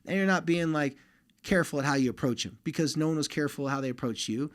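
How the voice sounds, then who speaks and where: A man's voice: on the high side, fast talker. A man hosting a podcast, talking straight to listening fathers in a casual, direct way and giving advice on relationships with their sons. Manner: direct and conversational, speaking straight to listening dads.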